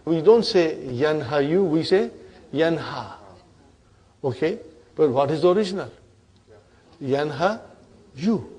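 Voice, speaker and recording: A man's voice: on the high side, lively intonation, measured pace, pauses often, mellow, slightly rough. A man teaching grammar in a lesson, drilling verb forms and checking in with "huh?" and "okay?", calling his student brother. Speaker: Arabic teacher.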